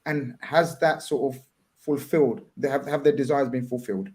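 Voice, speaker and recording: A man hosting a casual football fan chat, talking in halting restarts and asking leading questions. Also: medium pitch, darkish tone. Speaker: host.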